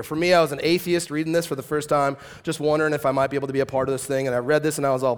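A middle-aged male pastor preaching a casual, joking sermon that swings from quiet reflection to loud, emphatic bursts. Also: a little high, steady tone, rapid-fire, few pauses.

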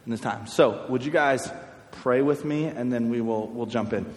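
A man's voice: mid-range voice, normal speed, darkish tone. A man preaching informally to a youth group in a church hall. His talk is chatty and loose, often repeating words. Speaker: youth pastor. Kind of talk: casual youth sermon. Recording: echoey hall with long reverb.

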